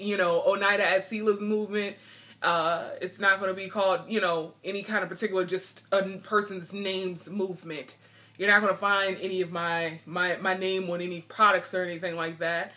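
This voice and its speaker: A woman's voice: on the low side, bright, forceful tone. A woman vlogging in earnest, frank talk, a bit emotional and frustrated as she speaks. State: a little emotional. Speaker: video blogger. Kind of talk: heartfelt vlog talk.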